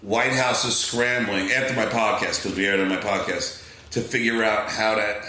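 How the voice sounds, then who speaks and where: A middle-aged man with a Long Island accent, a podcast guest telling an animated story, excitable, acting out other voices, full of fillers and restarts. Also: lowish voice, normal speed, heavy reverb, low-quality recording.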